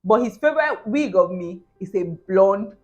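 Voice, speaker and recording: A woman's voice: mid-range voice, animated, normal speed, a little mellow. Chatty woman. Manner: earnest, chatty, emphatic repetition. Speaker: vlogger host. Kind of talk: casual reaction commentary. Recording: dull lo-fi sound, faint music.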